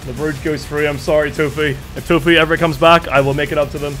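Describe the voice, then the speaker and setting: A man commentating a live game stream with excitable energy and a slightly strained voice, thanking viewers as he goes. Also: fairly high pitch, fast talker, soft background music.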